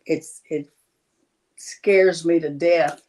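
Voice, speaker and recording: A woman speaking as an interview guest, telling her story in a halting way with many pauses. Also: low voice, steady tone, a little mellow. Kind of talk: personal interview testimony.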